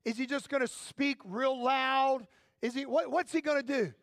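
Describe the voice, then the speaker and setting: A man's voice: extremely high pitch, normal speed, fairly bright tone, dry recording, studio quality. A pastor acting out a blind man awaiting healing in a sermon story, complaining with comic exasperation. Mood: eager.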